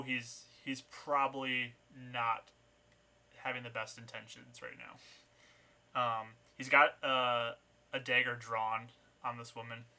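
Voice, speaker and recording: A man's voice: mid-range voice, bright, forceful tone. A man narrating a tabletop game as game master, describing scenes with many small restarts. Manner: descriptive, with frequent fillers and restarts.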